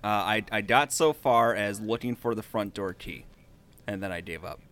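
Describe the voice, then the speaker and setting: A man's voice: fairly low pitch, moderate pace, a bit bright. A man co-hosting a casual gaming podcast over a video call, protesting and bantering. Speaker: podcast co-host. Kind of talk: casual chat.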